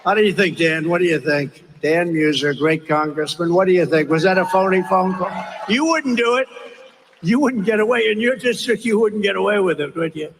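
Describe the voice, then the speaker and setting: A man's voice: high voice, moderate pace, a little hiss or hum. An older man giving a rambling, repetitive, mocking campaign speech at a large rally. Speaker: political candidate. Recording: long echo of a big rally hall.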